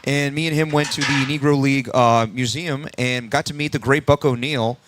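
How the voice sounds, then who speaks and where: A man's voice: mid-range voice, fairly even intonation, a little fast, noisy background. A man co-hosting a sports radio show, easygoing and laughing along. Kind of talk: casual radio chat.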